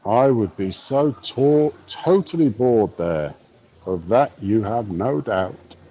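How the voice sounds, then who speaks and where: A man's voice: on the low side, expressive, takes it slowly, dark tone, breathy edge, lo-fi sound. A man in his fifties, live streaming from a bar on his phone, chatting wryly and reading chat messages aloud. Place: bar, drinking a pint.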